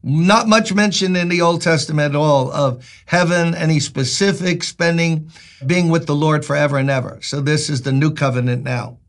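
A man's voice: on the high side, moderate pace, gravelly. An older man from Brooklyn, a pastor giving a folksy, joking devotional talk that turns emphatic. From Brooklyn, New York.

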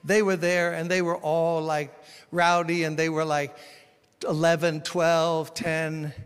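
A man from Brooklyn, preaching a sermon as pastor, swinging between loud exhortation and quiet storytelling. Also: fairly high pitch, flat delivery, slow pace, clean tone. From Brooklyn, New York. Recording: long reverb of a large hall.

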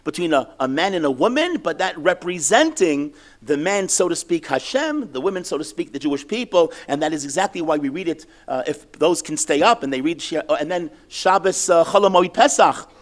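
Guy giving a torah class, fairly high voice, bouncy delivery, keeps quizzing the room. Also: a little fast, hardly any pauses. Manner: animated, asks and answers his own questions. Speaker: Torah teacher.

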